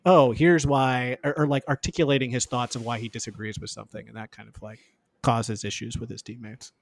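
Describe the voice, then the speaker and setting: A man's voice: mid-range voice, level tone, quick pace, vocal fry. A man co-hosting a podcast, sardonic and rambling in casual chat. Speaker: podcast co-host.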